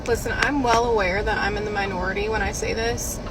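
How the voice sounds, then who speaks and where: A woman's voice: mid-range voice, fairly even intonation, fast, over music, poor audio. A woman in her twenties venting in a casual, chatty, exasperated vlog. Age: 20s.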